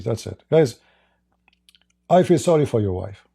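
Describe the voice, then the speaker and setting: Gravelly dark-voiced Arabic-accented man. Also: mid-range voice, animated, moderate pace, long pauses. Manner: emphatic, rhetorical questions to the audience. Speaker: Christian apologist host. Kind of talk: live-stream debate commentary.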